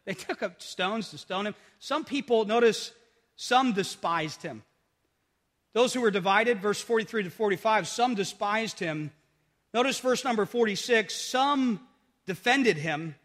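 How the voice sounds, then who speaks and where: A man preaching a sermon, swinging between loud emphatic peaks and quiet drops, and repeating phrases for emphasis. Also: high-pitched. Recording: long reverb of a large hall.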